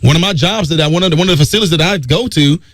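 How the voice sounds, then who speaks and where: Guy doing a talk radio rant, high voice, swings all over, dry close sound. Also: rapid-fire, a bit bright, no echo. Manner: emphatic, preachy, repeats key phrases.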